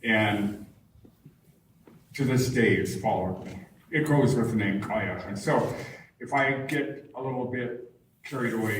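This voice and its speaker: A man's voice: mid-range voice, animated, measured pace. A man telling a personal story to a live audience in a meandering, conversational way, often restarting his sentences. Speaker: guest speaker. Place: large barn hall. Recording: very echoey hall, distant mic, faint noise.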